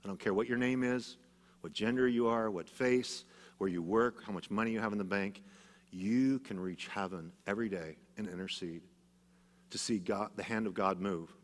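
A middle-aged male pastor preaching a sermon, telling stories and swinging from loud emphatic bursts to hushed, low passages. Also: normal speed. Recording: long church reverb.

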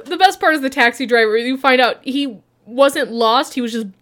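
A woman's voice: high voice, moderate pace, a bit bright. A woman co-hosting a podcast in casual chat, retelling scenes and laughing often. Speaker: podcast co-host. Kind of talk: casual chat recapping an anime.

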